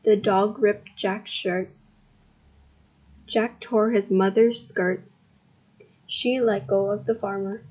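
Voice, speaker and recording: A woman reads a children's picture book aloud at a slow, careful pace. Her voice is soft and breathy, and she hosts a podcast for kids. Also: mid-range voice, steady tone, rough recording. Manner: slow, careful reading with bursts of loud sound effects. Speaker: podcast host and story reader. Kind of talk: reading a children's story aloud.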